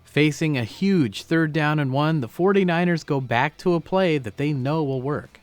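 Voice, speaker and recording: A man's voice: on the high side, moderate pace, no echo, faint music behind. A man breaking down football game film, explaining each play and stressing key words.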